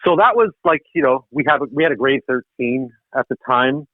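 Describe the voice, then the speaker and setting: Speaking at a moderate pace in a mid-range voice, a podcast guest from Ontario, Canada, shares his own story with casual animation and self-mocking laughter. There's no room sound, just a tinny, dry phone-line quality.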